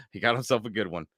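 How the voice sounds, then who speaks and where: A man hosts a live car podcast in an easygoing, excitable way, breaking into laughter often. His voice sits very low. The sound is close and dry. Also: dry recording. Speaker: podcast host. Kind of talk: casual live-stream chat.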